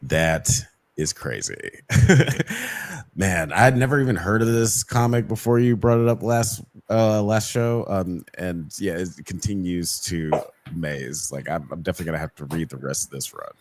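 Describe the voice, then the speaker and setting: Easygoing man, low lively voice. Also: normal speed, slight background noise. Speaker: podcast co-host. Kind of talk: casual chat.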